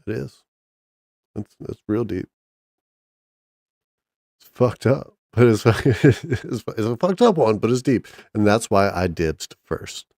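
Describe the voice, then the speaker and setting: A man's voice: on the low side, animated, slow, gravelly, pauses often, darkish tone, no echo, studio quality. A man casually chatting on a stream, rambling and joking crudely with lots of restarts. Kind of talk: casual profane chat with chat and co-host.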